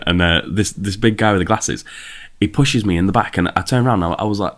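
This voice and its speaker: A man's voice: sits low, fast, few pauses. A young man co-hosting a podcast, telling a story in a joking, rambling way. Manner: joking, rambling with restarts and fillers. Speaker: podcast co-host. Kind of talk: casual storytelling chat.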